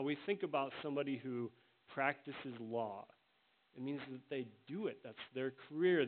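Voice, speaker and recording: A man preaching a sermon as pastor, earnest and emphatic, slowing down to stress the words he quotes. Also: medium pitch. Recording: tinny phone-like sound with faint hiss.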